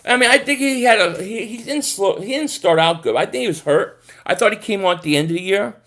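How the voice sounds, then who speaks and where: Man hosting a chatty, high-voiced football stream. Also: a little fast. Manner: rambling, excitable, repeats words, sings short chants. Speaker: live stream host. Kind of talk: casual live stream chat reading comments.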